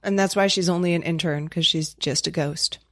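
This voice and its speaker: A woman's voice: on the low side, fairly even intonation, brisk, fairly bright tone, no echo. A young adult woman from New York State co-hosting a podcast, bantering bluntly with dry jokes and frequent swearing. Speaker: podcast co-host. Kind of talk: casual banter.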